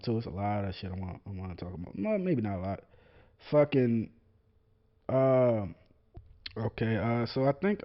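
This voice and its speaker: A young man hosting a podcast, ranting casually about sports with heavy swearing, rambling tangents and frequent laughter. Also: medium pitch. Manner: profane, rambling, laughing often. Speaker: podcast host. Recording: lo-fi dull podcast audio.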